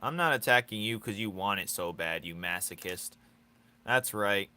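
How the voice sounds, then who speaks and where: A man's voice: lowish voice, moderate pace, sharp tone, clean tone. A man chatting casually with his viewers while drawing on a live stream, teasing and joking, laughing often.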